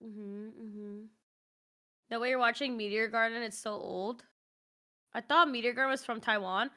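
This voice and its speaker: A woman's voice: a little high, moderate pace, sharp tone. A woman chatting casually with her stream audience, rambling with lots of "like" fillers and laughing easily. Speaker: streamer co-host. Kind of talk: casual livestream chat.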